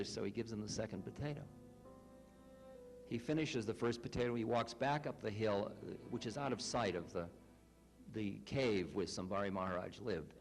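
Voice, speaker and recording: A man who is a spiritual teacher and author tells stories and reads aloud to a live group. He makes wry, self-deprecating asides. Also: lowish voice. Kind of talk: storytelling talk and reading aloud.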